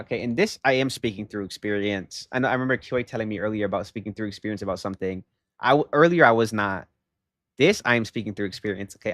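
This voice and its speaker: A young man chatting casually on a livestream, telling a story in an animated way and rising into loud exasperation. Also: fairly low pitch, no echo, studio quality. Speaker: live streamer.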